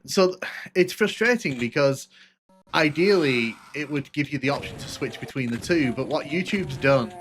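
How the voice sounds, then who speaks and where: A man's voice: medium pitch, fairly bright tone, slight background noise. A man giving casual, rambling commentary on a live game stream, answering chat with many restarts and fillers.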